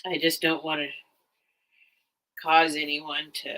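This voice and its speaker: Her voice is low, bright, and forceful, yet the delivery is completely flat and slow, captured on poor audio. This woman runs a live vintage sale stream, talking casually and emotionally to viewers as she cries. Teary and rambling, she addresses them directly.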